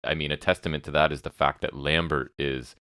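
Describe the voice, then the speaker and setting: A man's voice: a bass voice, fairly even intonation, bright, forceful tone, smooth, dry recording, clean studio sound. A man co-hosting a wrestling podcast, giving opinionated, sarcastic takes in casual chat. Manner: opinionated, sarcastic, quick asides. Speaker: podcast co-host.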